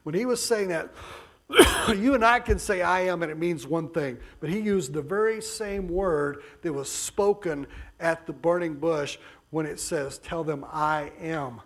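A man preaches a sermon emphatically and without hurry, sinking into soft, low passages before rising again in raised bursts.

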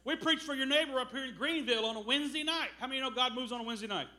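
Preacher guy, real high bright voice, talks fast and tells stories loud. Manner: animated storytelling with loud bursts. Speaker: missionary preacher. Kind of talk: sermon.

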